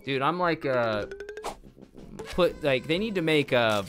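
A young man hosting a let's play, commenting in an excitable, jokey way with sudden yelps and shouts. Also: medium pitch, slow pace, pauses often, faint music behind. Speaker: gaming video host.

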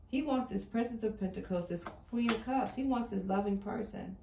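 A woman's voice: on the high side, moderate pace, vocal fry, hardly any pauses, mellow, reverberant, a little hiss or hum. A woman giving a casual tarot card reading. She talks emphatically and keeps repeating her points with chatty affirmations. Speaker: tarot reader.

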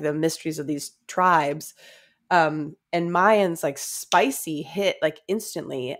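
A woman co-hosting a casual book discussion, thinking aloud with many fillers and trailing phrases. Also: lowish voice. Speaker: podcast co-host.

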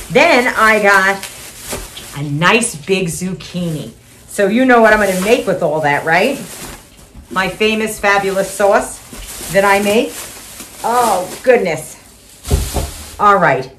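With a medium-pitched, somewhat bright voice, an older woman chats casually at home while displaying her shopping haul, enthusing, repeating herself, and laughing softly. A little hiss or hum is audible.

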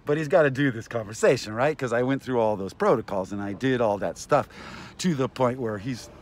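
A man's voice: mid-range voice, brisk, darkish tone, a little hiss or hum. A man giving an agitated, aggrieved ranting monologue to camera, often repeating himself. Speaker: vlogger.

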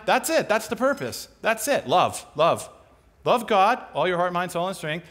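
A man preaching a sermon in a lively, conversational way, acting out quoted voices as he goes. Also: high-pitched. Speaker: pastor.

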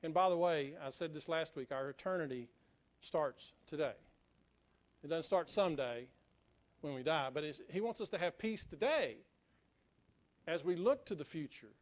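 A middle-aged man preaches from the pulpit, his voice pitched a little high for a man. He jokes lightly with his congregation, then drops into a quiet, earnest tone as he tells stories. His delivery comes in loose, halting phrases. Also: animated. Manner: joking asides, then quiet earnest storytelling. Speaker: pastor. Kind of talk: sermon. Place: church sanctuary.

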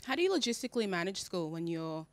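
A woman hosting a casual studio interview, upbeat with quick reactions to her guests. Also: on the low side, very animated. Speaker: interview host.

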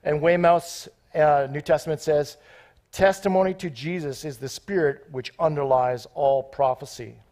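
A man preaching a sermon in an excitable, off-the-cuff way, joking with the congregation between scripture readings. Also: on the high side, moderate pace. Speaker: guest preacher.

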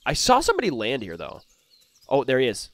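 A young man giving excited gameplay commentary as a gaming YouTuber, swinging between hushed muttering and loud outbursts. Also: mid-range voice, brisk, a little hiss or hum.

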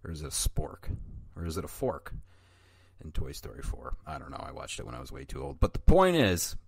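A low-voiced man talking through a film review on his podcast, recorded close and dry with no room sound. He rambles, swears freely and pokes fun at himself, drifting off topic and then finding his way back. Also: wildly swooping pitch, brisk, gravelly, breathy edge, no echo. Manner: rambling, profane, self-mocking, goes off on tangents. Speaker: podcast host. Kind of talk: casual solo film review.

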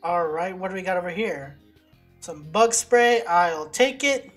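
A woman narrates her gameplay in a casual, unhurried way at a middle pitch. She gets excitable, swearing and yelping whenever things go wrong. Faint game music plays under her voice. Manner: excitable, swears and yelps at setbacks. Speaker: let's play gamer.

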